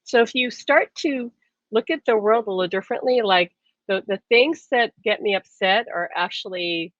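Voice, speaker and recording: A woman's voice: mid-range voice, moderate pace, fairly bright tone, dry recording. A woman teaching on a live stream, talking earnestly and repeating herself as she acts out inner voices. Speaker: spiritual teacher. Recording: dry, muffled lo-fi sound.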